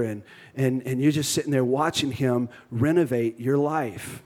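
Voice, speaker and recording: A pastor with a Cajun accent preaching a sermon with energy, leading the congregation in call-and-response and cracking jokes. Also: male voice, mid-range voice, moderate pace, a little mellow.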